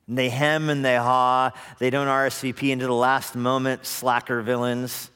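A man preaching a sermon at an evening worship service, lively, acting out the voices of hesitant and scoffing people. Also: medium pitch, moderate pace, few pauses, clear, resonant tone. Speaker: pastor. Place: church sanctuary. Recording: long reverb of a church hall.

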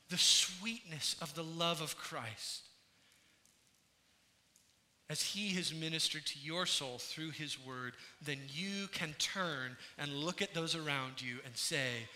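High, bright-voiced man preaching in a hall. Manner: earnest preaching, swinging from hushed to emphatic. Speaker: pastor. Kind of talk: sermon. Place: church sanctuary. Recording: reverberant hall sound.

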